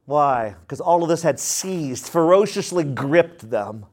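A man's voice: on the high side, animated, takes it slowly, darkish tone. A man preaching a sermon as pastor, with emphatic repetition and questions put to the congregation.

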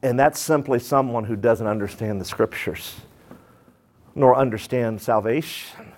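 A man preaching a sermon as pastor, animated, asking the congregation rhetorical questions and acting out quoted voices. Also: mid-range voice, a little slow.

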